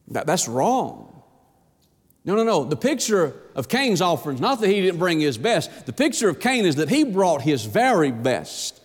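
A man with a high voice preaches a sermon with emphasis. He quotes scripture and throws rhetorical questions at his listeners. His words ring out with a long reverb in a big hall. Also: sing-song, moderate pace, slightly rough.

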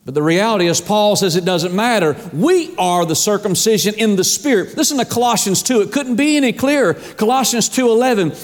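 A man preaches from the pulpit in a folksy, emphatic way, his voice sitting high for a man. He swings between quiet asides and stronger declarations. The sound rings with a long hall reverb from the church. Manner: folksy, emphatic preaching with rising and falling intensity. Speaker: pastor. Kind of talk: sermon. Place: church sanctuary.

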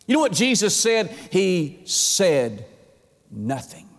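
A male pastor preaching a sermon, swinging from high, urgent pleas to hushed low tones and stammering when fired up. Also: sing-song, slow, vocal fry. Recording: long reverb of a church hall.

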